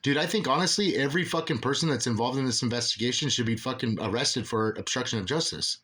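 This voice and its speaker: A man's voice: medium pitch, fast, pushed and bright, husky. A man in an agitated, profane monologue, rambling with many restarts as an aggrieved father ranting about officials. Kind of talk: angry monologue.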